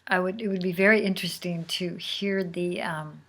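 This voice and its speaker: A woman host telling a personal story in a casual, unhurried way, sometimes dropping to a near whisper. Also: lowish voice, steady tone, a bit bright. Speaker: podcast host.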